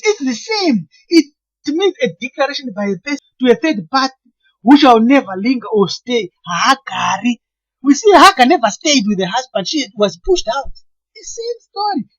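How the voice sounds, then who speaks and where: Husky woman explaining earnestly. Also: high voice, highs cut off. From Zimbabwe. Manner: earnest, deliberate, often stalls and restarts words. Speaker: lecturer on name meanings. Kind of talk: explanatory monologue.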